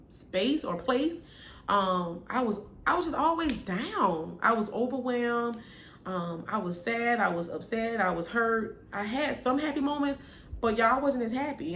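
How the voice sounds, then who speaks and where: A young woman vlogger telling viewers a personal story in a candid, chatty way, calling them y'all and growing quiet at the sad parts. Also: medium pitch. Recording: echoey room with faint noise.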